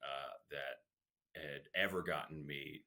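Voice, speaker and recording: A male comedian, a guest on a podcast, telling a long self-deprecating story with lively swings and the odd curse word. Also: rumbling low, slow pace. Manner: animated, self-deprecating storyteller who swears.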